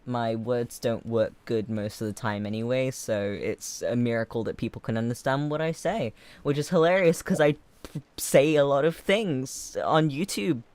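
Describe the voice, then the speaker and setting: A streamer from England with a mixed English and American accent, chatting casually on a livestream. He talks in a mid-pitched voice, drifts softly into gentle tangents and then jumps up loud when he gets excited. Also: moderate pace, clean tone. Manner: swings from soft and gentle to loud and excitable, laughs often. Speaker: streamer host.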